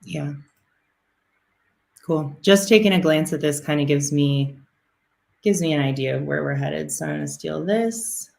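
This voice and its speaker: A woman's voice: deep voice, unhurried, vocal fry, long pauses, a little mellow. Upbeat woman demoing sales calls. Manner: laughing, self-deprecating, upbeat. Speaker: acquisitions caller. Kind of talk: live call demonstration.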